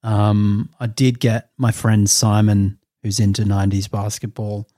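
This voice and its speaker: A man's voice: fairly low pitch, little pitch movement, measured pace, mellow, no echo. A man co-hosting a casual podcast chat, dry-humoured and hesitant, with frequent fillers. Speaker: podcast co-host.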